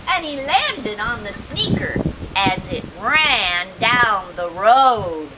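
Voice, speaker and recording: A woman's voice: a little high, very animated, takes it slowly, heavy background noise. A woman volunteer reading a children's picture book aloud, playful, acting out sound effects and chatting to the young listeners between pages. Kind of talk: children's story read-aloud.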